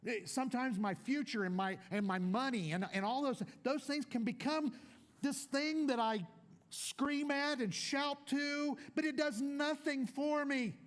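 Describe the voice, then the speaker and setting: An older man, the pastor of his church, preaching a sermon and swinging between loud declarations and low asides. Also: a little slow.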